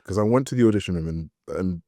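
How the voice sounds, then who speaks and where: Lively man telling stories. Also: deep voice, fast talker, no room sound, clean studio sound. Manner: animated, laughing, many fillers and restarts. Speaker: guest, actor and studio founder. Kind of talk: casual podcast storytelling.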